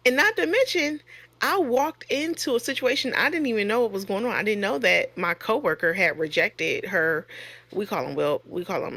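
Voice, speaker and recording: Woman, nurse, casual vlog monologue; gravelly fry, frank and chatty. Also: medium pitch, moderate pace, fairly bright tone, no room sound. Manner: frank and conversational, rising sharply when retelling exchanges. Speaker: nurse and online course creator.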